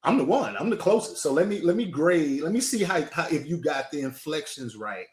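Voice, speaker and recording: Animated, teasing man in a roomy echo. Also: on the high side, a little fast. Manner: animated, teasing, repeats himself. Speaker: guest, political candidate. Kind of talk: casual chat.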